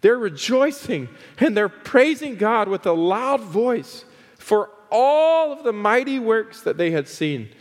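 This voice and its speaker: A man's voice: sits high, big pitch swings. Fervent preaching man, echoing sanctuary. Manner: builds to fervent, drawn-out emphasis on praise; conversational asides with frequent "uh" fillers. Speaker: pastor. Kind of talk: sermon.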